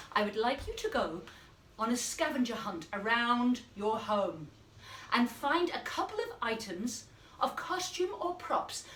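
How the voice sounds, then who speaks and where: A playful woman leads a children's drama lesson, her pitch leaping up and down as she encourages her pupils. She sits fairly high for a woman and is heard from a distance in an echoey room, with a faint hiss behind her. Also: fairly bright tone. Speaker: dance and drama teacher. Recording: roomy, distant mic, faint noise.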